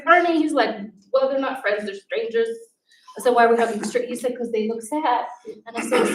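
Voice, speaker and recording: A woman who used to teach, telling lively classroom stories to an audience and acting out her students' voices. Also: mid-range voice, slight background noise. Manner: animated, acts out students' voices. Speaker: former teacher giving a talk. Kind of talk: storytelling talk to an audience. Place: event hall. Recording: roomy, distant from the mic.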